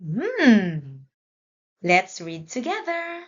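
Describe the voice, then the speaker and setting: A woman teacher giving a children's English lesson, prompting read-alongs in a slow, deliberate way. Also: mid-range voice, wildly swooping pitch, lo-fi sound.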